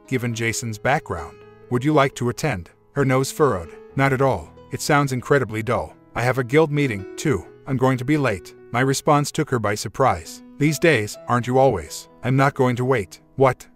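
A man narrates a scripted relationship story in a steady, measured way. His voice sits in an ordinary middle pitch. Soft music plays faintly beneath the reading. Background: faint background music.

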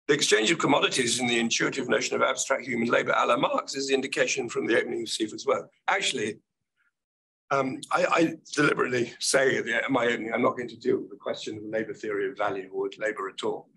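An older man giving an academic keynote lecture, his voice croaky and gravelly, speaking thoughtfully with hesitant restarts. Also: mid-range voice, brisk, sharp tone, low-quality recording.

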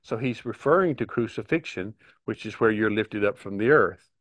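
A middle-aged man earnestly teaching a Bible study, reading verses aloud and pausing to stress them. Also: fairly low pitch, expressive, a bit bright, dry recording. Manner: earnest, emphatic, reads scripture aloud with pauses.

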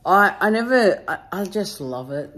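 A woman's voice: medium pitch, lively intonation, normal speed, fairly bright tone. A woman talks into her phone late at night in a casual vlog. She is chatty and playful, and turns sincere now and then. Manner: chatty and playful, with heartfelt moments. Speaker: vlogger. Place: hall and home at night.

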